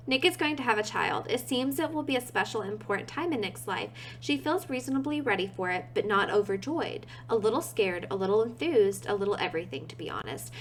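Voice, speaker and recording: A woman's voice: a little high, a bit bright, slight background noise. A woman giving casual gameplay commentary, chatty and giggly, talking to her game characters and her viewers. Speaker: gaming video creator.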